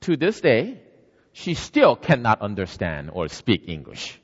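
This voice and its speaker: A man's voice: fairly low pitch, measured pace, breathy edge. A man preaching a storytelling sermon, acting out the people in his story. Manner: lively storytelling, acts out the characters. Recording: dull sound, long hall reverb.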